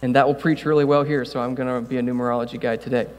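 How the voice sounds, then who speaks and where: A male pastor giving a casual sermon, talking conversationally with jokey asides and building to loud, passionate preaching. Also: mid-range voice, little pitch movement, racing. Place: church room. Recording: long hall reverb, mains hum.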